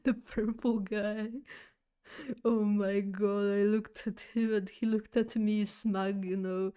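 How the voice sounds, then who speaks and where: A woman streamer telling a story to her chat in an easy, unhurried way. She rambles, trips over her words and restarts often, with plenty of fillers and little giggles. Her voice sits at a middle pitch. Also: level tone, mellow, smooth.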